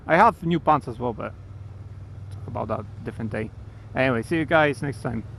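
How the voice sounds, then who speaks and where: A man's voice: medium pitch, brisk, gravelly, a bit bright. A man riding a motorcycle through city traffic, talking to his helmet mic about his gear and swearing at other drivers. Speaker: motorcycle vlogger. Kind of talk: riding motovlog commentary. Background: traffic and engine.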